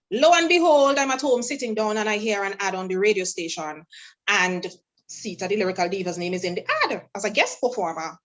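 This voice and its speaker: A woman from St. Vincent and the Grenadines, a guest singer, tells stories in a casual interview, animatedly acting out what others said. Her mid-range voice moves fairly quickly, and the recording is rough.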